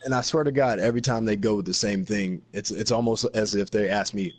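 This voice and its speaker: A man hosting a casual podcast chat, relaxed and profane, steering the topics. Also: fairly low pitch, fairly quick.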